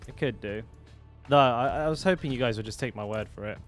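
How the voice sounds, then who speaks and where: A man's voice: mid-range voice, brisk, soft background music. A young man chatting casually while streaming a game. He rambles, restarts his sentences and swears easily, with a faint game soundtrack behind him. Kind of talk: casual live-stream commentary.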